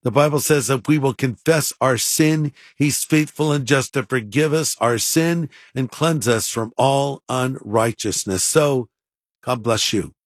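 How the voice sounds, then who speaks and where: A man's voice: medium pitch, unhurried, dry recording, clean studio sound. An older man, a pastor on a radio program, earnestly leading a prayer and talking about faith and history. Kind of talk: radio sermon and pitch talk.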